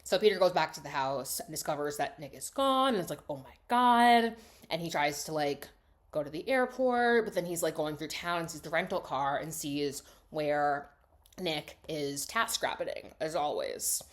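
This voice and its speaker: A young woman casually recapping a film plot, chatty and full of "like", swinging between excited bursts and hushed asides. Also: low voice, normal speed.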